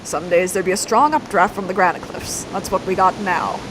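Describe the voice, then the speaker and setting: A woman voicing a gruff middle-aged male ship captain with rough, boastful sailor talk. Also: lowish voice, fairly quick, noisy background, pitched below the performer's own voice, natural voice.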